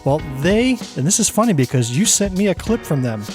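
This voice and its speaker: A man's voice: high-pitched, very animated, fairly quick, a little mellow, faint music behind. A man co-hosting a podcast, telling stories in a wry, casual way. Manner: wry, storytelling. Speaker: podcast co-host. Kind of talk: casual chat.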